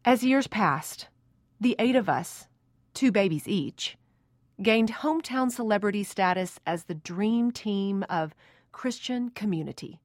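A woman in her thirties, narrating her own memoir in a reflective, measured way. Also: medium pitch, animated, no echo, clean studio sound. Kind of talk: reading a personal memoir aloud.

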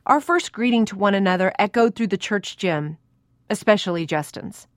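A woman in her thirties, narrating her own memoir in a reflective, measured way. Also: medium pitch, expressive, dry recording, clean studio sound. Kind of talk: reading a personal memoir aloud.

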